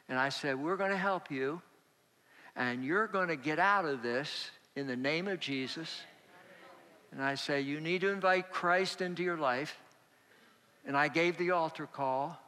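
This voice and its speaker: A male pastor preaching a sermon, telling a personal story slowly and acting out the dialogue. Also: on the high side, pushed and bright, long reverb tail. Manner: slow, storytelling, acts out dialogue.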